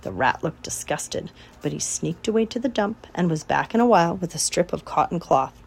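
A woman narrating a children's book aloud in an expressive storytelling manner. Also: fairly low pitch, normal speed, gravelly, husky. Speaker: audiobook reader.

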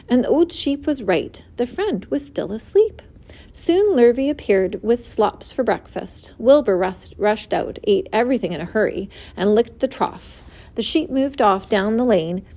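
A woman reading a children's book aloud, expressive and clear. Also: a little high. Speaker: storyteller.

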